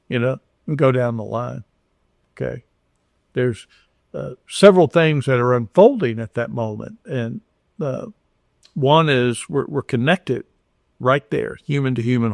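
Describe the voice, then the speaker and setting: A man's voice: mid-range voice, moderate pace, creaky, no echo, studio quality. An older man from Houston, Texas, talking earnestly as a podcast guest, with frequent restarts and acted-out dialogue. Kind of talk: conversational storytelling.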